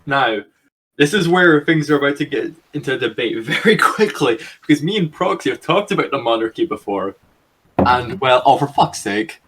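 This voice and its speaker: Swearing, rambling British podcast host. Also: male voice, medium pitch, lively intonation, moderate pace, a bit bright, husky. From Britain. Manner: rambling, swears, laughs easily. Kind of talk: casual chat over a voice call.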